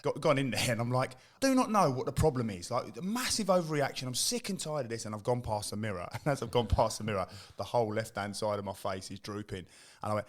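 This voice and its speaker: A middle-aged English man, a former footballer, telling lively stories on a podcast and acting out the quotes. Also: medium pitch, fast. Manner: animated storyteller, acts out quotes. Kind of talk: casual chat.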